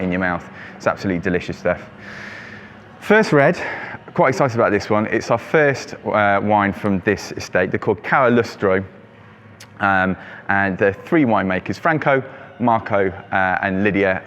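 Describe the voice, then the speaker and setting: Here a man whose voice sits low presents a wine shop's monthly picks in an easygoing way, leaning on ums and fillers. Outside the shop there's traffic, and slight background noise is present.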